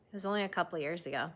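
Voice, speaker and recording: Her voice lowish and a bit bright, a woman runs a crochet livestream, chatting with viewers over their live comments and often laughing as she tells self-deprecating stories.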